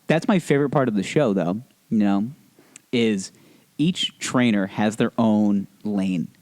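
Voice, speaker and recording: Podcast co-host, a man, joking and animated in casual talk. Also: on the low side, unhurried. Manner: joking, animated, slips into mock voices. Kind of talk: casual chat.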